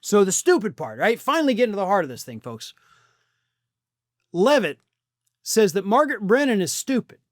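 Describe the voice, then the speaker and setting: A man's voice: high-pitched, very animated, normal speed, long pauses, dry recording, clean studio sound. A middle-aged man hosting a political commentary show, talking bluntly and sarcastically, with the odd swear word. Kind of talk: opinion commentary monologue.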